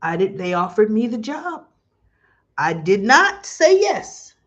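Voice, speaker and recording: A woman with a medium-pitched, sing-song voice hosts a live show commenting on a soap opera. She chats casually, reads viewers' comments aloud, and gushes emotionally with long, drawn-out exclamations.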